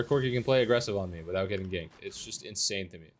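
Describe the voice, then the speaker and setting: A man's voice: low-pitched, fast talker. A young man streaming a competitive game and commenting live, frustrated, swearing and ranting about his teammates.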